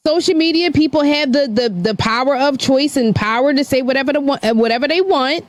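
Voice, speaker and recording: A woman's voice: sits high, fairly quick, no room sound. A woman in a casual podcast debate who hesitates and restarts often as she voices her disapproval.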